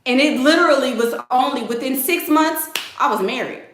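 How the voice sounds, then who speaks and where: A young woman hosts a casual livestream, reading out donations in a high voice at a normal pace. She's animated and emphatic, repeating her points and using Southern slang like "y'all" a lot. The room sounds spacious, with a little hiss or hum.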